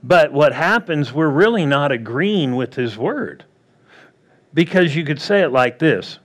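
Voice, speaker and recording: A man preaching a sermon in a slightly raised, lightly higher voice. He keeps it plain-spoken and conversational, firing off rhetorical questions and acting out little back-and-forth quotes to drive each point home. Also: animated, unhurried, a bit bright. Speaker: pastor.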